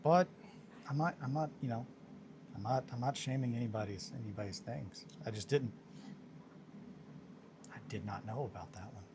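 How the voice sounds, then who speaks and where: A man's voice: mid-range voice, normal speed, long pauses, noisy background. A man chatting casually on a hobby stream in a rambling, self-amused way while he works on miniatures.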